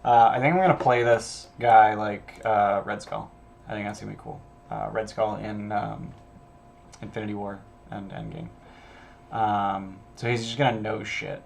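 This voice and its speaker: Game master, male, low gravelly voice, offhand musing between read-aloud passages. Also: moderate pace, a little hiss or hum. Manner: thinking aloud, offhand, sprinkled with casual swearing. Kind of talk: casual solo prep stream, reading module text aloud.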